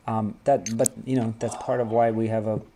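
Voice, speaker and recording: A man's voice: fairly low pitch, level tone, dark tone, slight background noise. A man hosting a casual sports fan show, bantering with friends, laughing and swearing freely. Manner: laughing, swearing, quick asides. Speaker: host.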